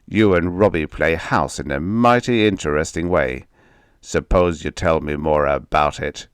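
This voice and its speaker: A man reading the lines of a cruel, sneering stepfather slowly and menacingly. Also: rumbling low, smooth, no room sound, studio quality. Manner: slow and menacing.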